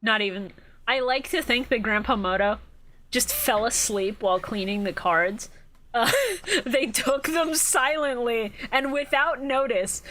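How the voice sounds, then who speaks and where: A woman's voice: a little high, a little slow, a bit bright, a little hiss or hum. A woman co-hosting a podcast in a casual comedic chat, sarcastic and often laughing. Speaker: podcast co-host.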